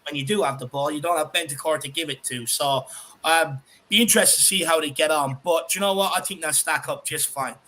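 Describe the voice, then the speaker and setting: An Irish man hosting a casual fan chat, excitable, swearing freely and reading out viewer comments. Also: fairly high pitch, brisk. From Ireland. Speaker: podcast host.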